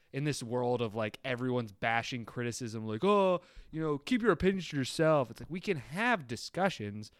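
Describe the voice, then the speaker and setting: An animated man co-hosting a casual film podcast, ranting with a loose, sweary delivery. His voice is smooth and clear, recorded dry and close with no room sound. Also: medium pitch, dry recording. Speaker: podcast co-host.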